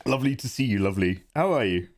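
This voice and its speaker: A man's voice: on the low side, lively intonation, quick pace. A man chatting casually with viewers while drawing on a livestream from his home setup. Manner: chatty, chats with viewers in the chat. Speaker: art streamer.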